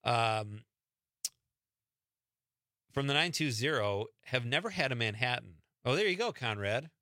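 A man's voice: mid-range voice, animated, measured pace, pushed and bright, no echo, studio quality. Easygoing man hosting late-night radio. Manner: easygoing, chuckling, reads texts aloud. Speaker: radio host. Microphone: studio microphone.

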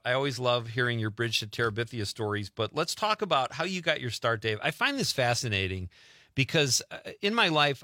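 A middle-aged man hosting an interview show, chatty and quick to laugh. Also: medium pitch, pushed and bright, no room sound, studio quality. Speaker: host. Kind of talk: casual interview chat.

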